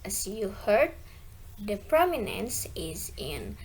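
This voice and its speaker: Young female student from Indonesia, mid-pitched voice, presents a pronunciation lesson slowly, with faint noise behind her. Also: lively intonation, low-quality recording. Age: young adult. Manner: slow, deliberate, reading words out one by one. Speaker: university student. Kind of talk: recorded class presentation on pronunciation.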